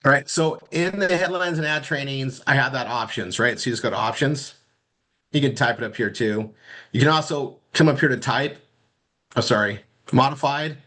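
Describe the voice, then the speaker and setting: A man teaching marketing in a casual screen-share walkthrough, rambling and halting, often repeating words as he clicks around. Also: mid-range voice, bright, forceful tone. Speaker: marketing instructor.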